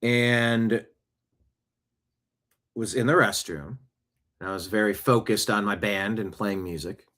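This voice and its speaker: A man's voice: on the low side, slow pace, long pauses, fairly bright tone. A man hosting a show, chatting casually and animatedly through personal stories. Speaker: show host. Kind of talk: casual storytelling monologue.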